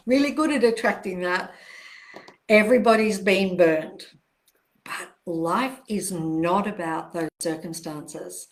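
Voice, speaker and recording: Gentle older woman on a livestream. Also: fairly low pitch. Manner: gentle, reassuring, repetitive phrasing with soft pauses. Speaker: self-help author hosting a live Q&A. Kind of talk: live-streamed Q&A talk.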